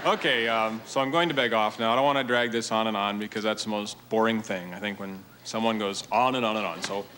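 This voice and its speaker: A man doing a stand-up routine on a TV stage, telling his story in a deadpan, mock-earnest way to a live audience. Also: lowish voice, brisk. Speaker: stand-up comedian. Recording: TV studio with audience laughter and noise.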